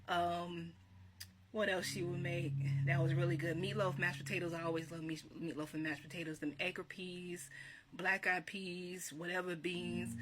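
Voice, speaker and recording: A woman, chatting warmly and reminiscing, laughing often and repeating herself. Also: fairly low pitch. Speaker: vlogger. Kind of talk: casual encouraging talk. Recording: steady background hiss.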